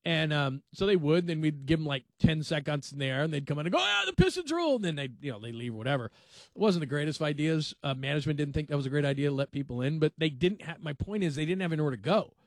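A man's voice: a little high, quick pace, dry recording. Rambling male sports radio host. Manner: rambling, conversational, self-deprecating sarcasm. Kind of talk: late-night sports talk radio. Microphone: studio microphone.

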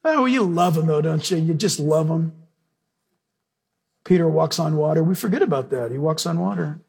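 A male preacher delivers a sermon in a high-pitched voice. His tone is husky and breathy, and he presses points home with emphasis and direct questions to the congregation. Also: normal speed. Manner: emphatic, questions the audience, animated storytelling.

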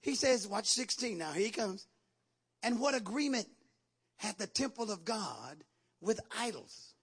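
A man preaching a sermon in call-and-response style, rising from a low, quiet delivery to loud shouting. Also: very animated, measured pace, breathy edge.

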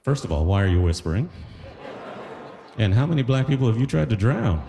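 A man's voice: mid-range voice, big pitch swings, a little fast, gravelly, in a large hall. A man doing a stand-up comedy set on a live stage, talking in a loose conversational way and slipping into acted-out voices.

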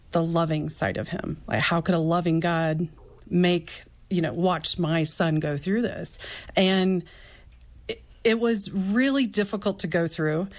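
A woman speaking as a guest, telling her own story of faith and doubt in an earnest, flowing way. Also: on the low side. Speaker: podcast co-host and author guest. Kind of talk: candid personal faith talk.

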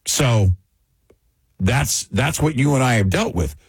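A man hosting a political talk show, speaking in a frustrated, emphatic way with a husky voice. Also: mid-range voice, lively intonation, slow, dry recording.

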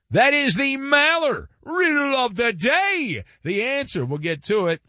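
Animated, wry sports radio host. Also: male voice, very high voice, slow, hardly any pauses, dry recording. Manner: animated, wry and playful, with asides and repetition. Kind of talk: sports talk radio monologue. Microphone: studio microphone. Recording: dry, slightly dull radio studio sound.

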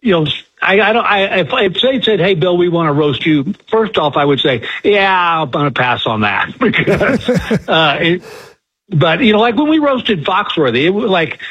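A man's voice: high-pitched, lively intonation, normal speed, fairly bright tone, breathy edge. Older man telling stories on a muffled line. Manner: folksy storyteller, acts out quotes. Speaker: comedian guest. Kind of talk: casual storytelling interview. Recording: muffled lo-fi phone-like audio.

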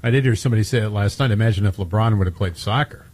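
Husky male co-host with brief interjections. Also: fairly low pitch, rapid-fire, darkish tone. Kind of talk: casual talk radio chat.

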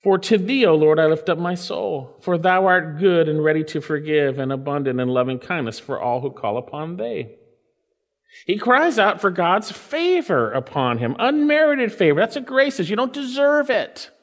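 A pastor preaching a sermon, swinging between loud and soft and slowing down to stretch out quoted scripture. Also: male voice, sits high, lively intonation, in a large hall.

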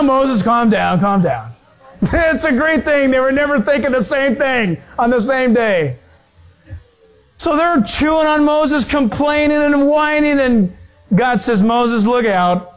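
A man with a high voice preaching a sermon. He tells his stories with animation, laughs often and restarts his sentences as he goes. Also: poor audio.

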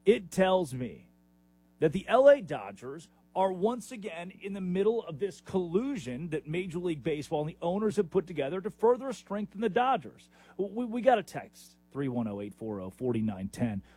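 A man's voice: sits high, normal speed, slightly rough, no room sound. A man hosting a sports talk radio show, delivering an opinionated, emphatic monologue. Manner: animated, opinionated, emphatic with sudden rises.

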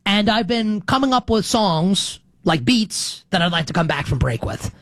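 A man's voice: sits high, animated, moderate pace, fairly bright tone, no echo. A middle-aged man hosting a sports betting show, talking in a rambling, self-correcting, conversational way. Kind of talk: casual sports talk monologue.

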